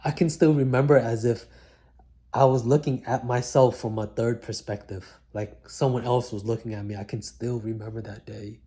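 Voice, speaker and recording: Man, mellow tone, laid-back slangy storytelling, single-take vlog. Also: medium pitch, steady tone, normal speed. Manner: casual slangy talk, many likes and mans. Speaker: vlogger recounting his life. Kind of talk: one-take reflective storytelling. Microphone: single mic, one take.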